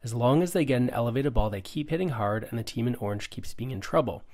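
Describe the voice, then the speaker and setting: A man's voice: mid-range voice, animated, fast, a little mellow. A middle-aged man, a pickleball coach, giving an upbeat conversational lesson full of rhetorical questions. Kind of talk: instructional explainer.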